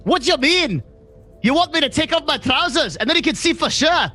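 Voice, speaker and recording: A cocky dwarf adventurer, as a man plays him who needles the guards with cheeky jabs. His voice is high and sharp, and a bright edge rides over faint music. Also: lively intonation, a little fast, full character voice. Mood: mocking. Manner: mocking, cheeky.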